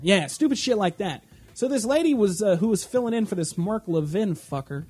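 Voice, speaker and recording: A man's voice: high voice, lively intonation, fairly quick, darkish tone, slightly rough, dry recording. A man hosting a casual podcast, ranting and mocking with constant swearing and rambling asides. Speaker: podcast host. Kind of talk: casual profane rant.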